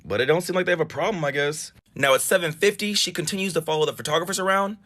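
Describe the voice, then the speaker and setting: A man's voice: a little high, fast talker, fairly bright tone. A man casually narrating and reacting to a story, with incredulous, sarcastic asides. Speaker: reaction commentator.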